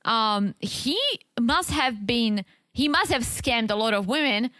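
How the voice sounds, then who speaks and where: Higher-voiced chatty woman podcast co-host. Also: slow, pushed and bright, no room sound, clean studio sound. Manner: chatty, laughs often, thinks aloud. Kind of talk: casual recap chat.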